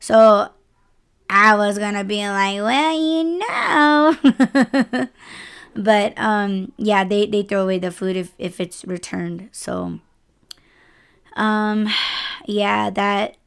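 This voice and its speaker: Woman podcast host, delivery driver, casual profane rant, smooth clear voice. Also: mid-range voice, slow pace, pauses often. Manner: profane, exasperated, animated retelling.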